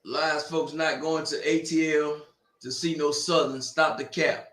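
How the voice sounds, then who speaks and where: A man with a bright, forceful voice hosts a casual watch party stream. He reacts loudly to every play and talks back at the screen. His voice rings around an echoey room. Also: a little high, measured pace. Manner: loud, animated, talks back to the game.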